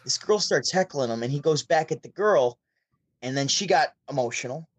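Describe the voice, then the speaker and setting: A man from Syracuse, New York, telling stories as a podcast guest over a remote call, chatty and animated. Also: on the high side, normal speed, husky, no room sound. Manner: chatty, animated, with frequent restarts. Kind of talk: casual storytelling.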